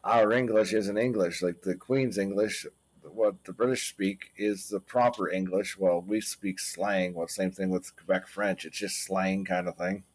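A man's voice: deep voice, steady tone, unhurried. A man, a guest trucker, talking casually and thoughtfully with lots of filler words on a podcast. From Canada. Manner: rambling, thoughtful, many fillers like "kinda thing". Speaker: guest, former owner-operator trucker.

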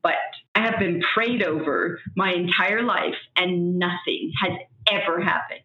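Tearful woman in a roomy space. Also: lowish voice. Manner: tearful, halting, many fillers. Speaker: guest sharing grief. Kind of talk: emotional conversation. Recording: roomy, slightly dull sound.

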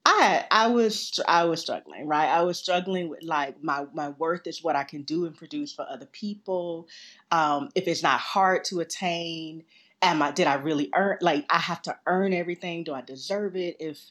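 A woman telling a personal story as a guest, lively and laughing often, acting out what others said. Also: deep voice, moderate pace. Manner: animated, laughs often, acts out quoted voices. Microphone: remote call.

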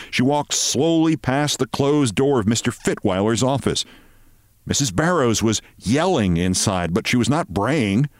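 A male podcast host reading a short story aloud with expressive storytelling. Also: on the low side, dry recording, studio quality. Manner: expressive storytelling, shifting voices.

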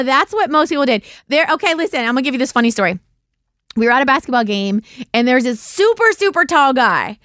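Lively chatty woman podcast host. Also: clear, resonant tone, dry recording, clean studio sound. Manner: chatty storyteller, acts out quotes with big pitch jumps. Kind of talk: casual live Q&A chat.

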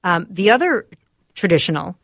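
A woman's voice: fairly low pitch, sing-song, moderate pace, creaky, fairly bright tone, no room sound, studio quality. Chatty woman co-hosting a radio show. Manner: chatty, reads answers aloud from her phone. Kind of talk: casual studio banter. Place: radio studio.

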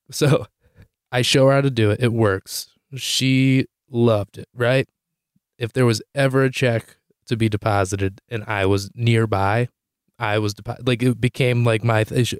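Young male podcast comic, mid-pitched, rambling and profane, dry close sound. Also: normal speed, no room sound. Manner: animated, swears freely, jumps to a high pitch when quoting himself; rambling with many "like" fillers and restarts. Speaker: podcast host. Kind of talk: comedic storytelling monologue.

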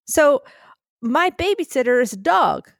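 A woman co-hosting a podcast in casual chat, animated and slightly breathy, recording from a makeshift spot in a puppy pen. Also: high voice, unhurried, dry recording, studio quality. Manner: animated, keeps addressing her co-host by name, acts out quotes. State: a little breathy. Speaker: podcast co-host.

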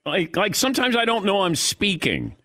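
Middle-aged radio host, teasing, laughs a lot, pitch swings all over. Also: male voice, huge pitch swings, normal speed, bright, forceful tone. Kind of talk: casual radio talk.

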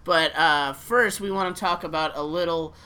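A man's voice: fairly high pitch, moderate pace, pushed and bright, smooth. A man hosting a casual podcast, telling stories in a rambling way with many fillers and restarts. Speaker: podcast host.

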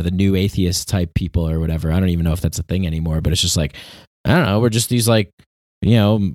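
A man's voice: sits low, a little mellow, no echo, clean studio sound. A man hosting a podcast, talking in a rambling, reflective monologue full of restarts and laughs. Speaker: podcast host. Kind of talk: casual monologue.

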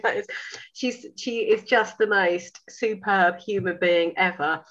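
A woman in her fifties, a sewing school owner, telling a story in a lively way, acting out dialogue and laughing. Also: medium pitch, a little fast, lo-fi sound. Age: 50s. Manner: animated, laughing, acts out dialogue. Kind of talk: casual storytelling.

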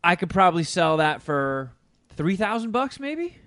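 A man with a somewhat high voice, rambling through stories in a relaxed, casual chat. He swears constantly and restarts his sentences as he goes. The recording is dry, with no room around it. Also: moderate pace, no echo. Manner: profane, rambling storyteller.

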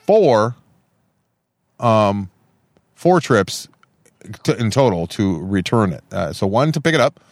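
A man's voice: lowish voice, big pitch swings, slow pace, long pauses, dry recording. Guy co-hosting a podcast, rambles a lot, swears, dry close mic. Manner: rambling, self-deprecating, swears freely. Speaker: podcast co-host. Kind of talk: casual chat.

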